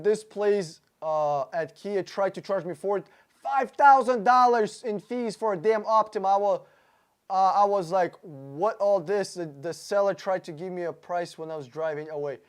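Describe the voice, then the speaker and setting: A man hosts a relaxed car Q&A live stream, his voice high and clean, his pace moderate. Blunt and profane, he jokes around, calls viewers by name as he reads their questions, and keeps stumbling into fillers and restarts.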